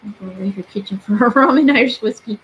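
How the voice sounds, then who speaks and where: A woman's voice: medium pitch, quick pace, fairly bright tone, highs cut off, slight background noise. A woman in her twenties streaming from her bedroom, chatting casually and asking spirits questions aloud. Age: 20s. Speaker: paranormal streamer. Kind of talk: casual live-stream chat.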